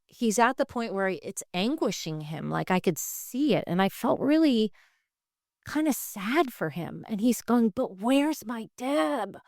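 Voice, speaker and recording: A woman's voice: mid-range voice, very animated, unhurried, gravelly, a little mellow, no room sound, studio quality. A woman guest telling a personal faith story with candid feeling, talking straight and acting out the voices of the people in it. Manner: emotional, acts out the voices in her story; straightforward and frank. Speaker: guest sharing her faith testimony.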